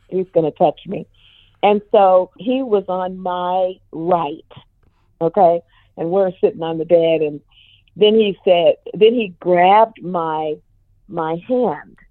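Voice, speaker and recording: An older woman, a jazz singer, telling a personal story in an animated way and acting out the voices of others. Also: a little slow, dry recording. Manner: animated, swings pitch to act out quoted voices. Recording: tinny phone-like dry radio sound.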